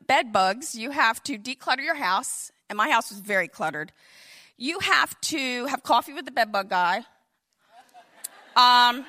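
High-voiced, bright comic woman storyteller. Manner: animated, comic, with vivid asides. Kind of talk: personal storytelling.

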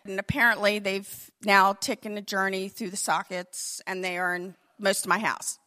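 A woman in her fifties telling a comic personal story with animated, vivid asides. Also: medium pitch, normal speed.

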